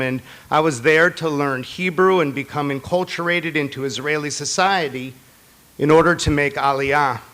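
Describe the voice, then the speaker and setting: A rabbi with a fairly high-pitched voice delivers a holiday sermon to his congregation. He weaves personal stories and gentle humor together with earnest appeals.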